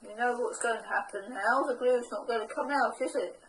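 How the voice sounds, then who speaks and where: A woman's voice: on the high side, fairly quick, slight background noise, poor audio. A woman presenting a casual step-by-step craft tutorial, chatty and homely with a self-deprecating touch.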